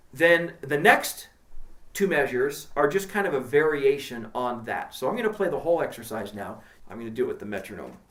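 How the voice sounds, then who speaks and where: A man gives a drum lesson in a plain, practical way, counting the beats aloud. His voice carries a noticeable room echo. Drum taps and metronome clicks sound clearly behind him. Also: medium pitch, noisy background. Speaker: drum teacher. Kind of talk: instructional talk with counting along.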